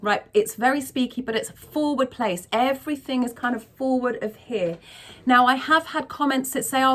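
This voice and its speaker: A woman vocal coach explaining singing technique in a frank, chatty tutorial manner. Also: on the high side. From not from America.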